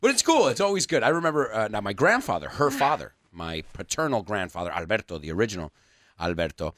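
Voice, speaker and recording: A man hosting a radio show in casual bilingual chat, telling stories animatedly and acting out quotes. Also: fast talker. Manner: animated storytelling, acting out quotes with big pitch jumps. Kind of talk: casual bilingual chat, switching between English and Spanish. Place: radio studio.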